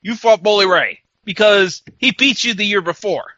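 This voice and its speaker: A man co-hosting a podcast, recapping a wrestling show in casual chat, sarcastic and quick to mock, laughing often and quoting the wrestlers in mock voices. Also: high voice, pushed and bright, no room sound, dull audio. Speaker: podcast co-host.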